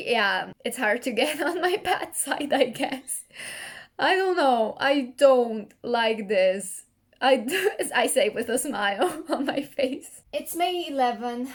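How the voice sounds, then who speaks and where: A young woman talking straight to her own camera in a loose, chatty vlog rant. Her voice sits a little high. She gets animated as she complains, and laughter keeps slipping into her words. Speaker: book vlogger.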